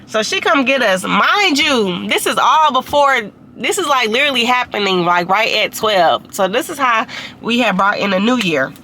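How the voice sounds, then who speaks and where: Young woman, vlogger storytime, bright slightly high voice, loose slangy delivery. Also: expressive, normal speed, a little hiss or hum. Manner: chatty, heavy use of "like" and slang. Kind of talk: casual storytime.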